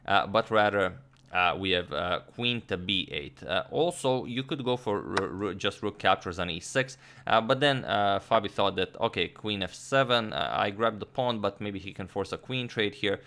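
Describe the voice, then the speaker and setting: A man analyzing a chess game move by move, explaining with frequent pauses, restarts and filler sounds. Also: lowish voice, sharp tone. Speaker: chess commentator.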